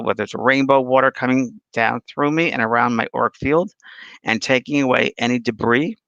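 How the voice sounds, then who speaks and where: A man's voice: medium pitch, vocal fry, a bit bright, dry recording. A man hosting a casual spiritual talk show, rambling through anecdotes and viewer questions. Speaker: spiritual medium and host. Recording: dull lo-fi dry sound.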